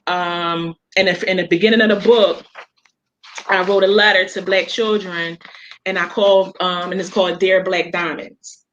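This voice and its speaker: A woman's voice: lowish voice, fairly even intonation, moderate pace, a bit bright, lo-fi sound, a little hiss or hum. A woman author talking casually as an interview guest, telling emotional personal stories with many fillers and restarts.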